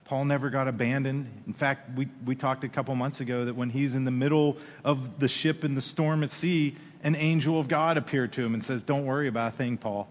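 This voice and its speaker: Animated preacher man in a big echoing hall. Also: mid-range voice, fairly quick, few pauses. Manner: animated, playful asides, acts out quoted voices. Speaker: pastor. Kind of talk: sermon.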